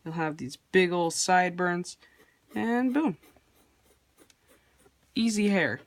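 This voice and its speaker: Slow, rambling drawing-tutorial voice. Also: mid-range voice, animated, dry recording. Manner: rambling, offhand and self-deprecating. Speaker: art tutorial host. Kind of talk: casual drawing tutorial narration.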